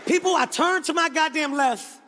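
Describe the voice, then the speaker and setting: Male stand-up comic, very high voice, indignant shouting, faint noise in a reverberant venue. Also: moderate pace. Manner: animated, profane, rising to indignant shouts. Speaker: stand-up comedian. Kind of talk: stand-up comedy storytelling. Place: large venue with audience. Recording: echoey hall, faint background noise.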